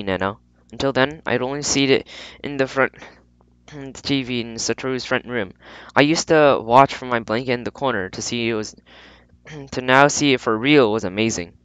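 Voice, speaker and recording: Man reading a story, halting and lo-fi. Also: mid-range voice, fairly bright tone, no room sound. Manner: halting reading with frequent throat clearing and restarts. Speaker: audiobook reader. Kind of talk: amateur audiobook narration.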